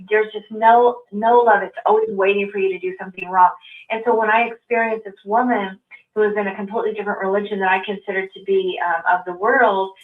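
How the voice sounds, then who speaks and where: A woman co-hosting a call-in show, sharing a personal story in an earnest, halting way with many false starts. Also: medium pitch. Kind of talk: casual personal testimony. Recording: distant, echoey, phone-like lo-fi sound.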